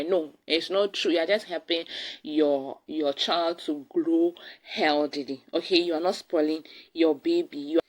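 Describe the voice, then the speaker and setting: A woman's voice: fairly low pitch, rough recording. A woman with a Ghanaian English accent gives casual advice to expectant mothers, repeating key words for emphasis. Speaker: parenting vlogger. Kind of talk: casual advice talk to camera.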